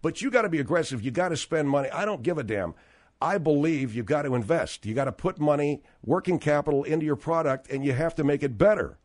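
A man's voice: fairly high pitch, animated, quick pace, a little mellow. A man hosting a talk show, ranting in a blunt, profane, combative way.

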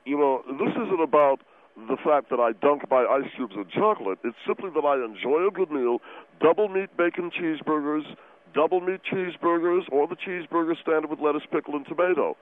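Man doing a smug glutton, slow preachy delivery, slightly high voice, tinny phone line. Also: close to an everyday voice. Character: gluttonous guiltless man proud of eating. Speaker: guest advocate.

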